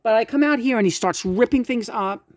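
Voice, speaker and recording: A woman doing a psychic reading on video, profane and quick-tempered, often snapping and shouting. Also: fairly high pitch, no echo, studio quality. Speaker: psychic reader. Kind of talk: casual reading vlog.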